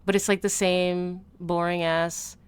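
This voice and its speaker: A woman streamer chatting casually over a video, blunt, sweary and quick to laugh. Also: lowish voice, little pitch movement, smooth. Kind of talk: casual livestream chat.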